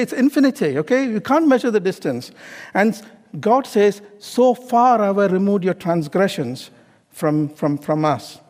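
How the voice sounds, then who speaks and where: Guy preaching, keeps asking the room questions, lots of okay and you know, high voice, long echo. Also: darkish tone. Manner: calls out questions to the congregation. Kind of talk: sermon with personal story.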